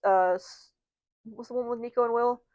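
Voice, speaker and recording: A woman in her twenties co-hosting a casual podcast chat, quick and laughing often, with casual swearing. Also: on the high side, steady tone, a little mellow, dry recording, highs cut off. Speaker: podcast co-host.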